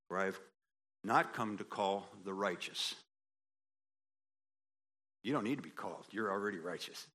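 Bright-voiced man preaching a folksy sermon. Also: moderate pace. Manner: animated, builds to emphatic high peaks; folksy asides with quoted voices. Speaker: pastor.

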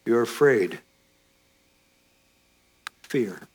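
Husky-voiced man preaching earnestly. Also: mid-range voice, animated, drawn-out words, darkish tone. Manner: earnest, direct address with rhetorical questions. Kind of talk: sermon.

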